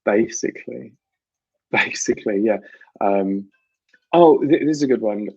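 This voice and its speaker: This British livestream host from the UK speaks a little slowly in a lowish voice that's gravelly, dark and husky, laughing often as he chats animatedly with live viewers. There's no room sound and the highs are cut off.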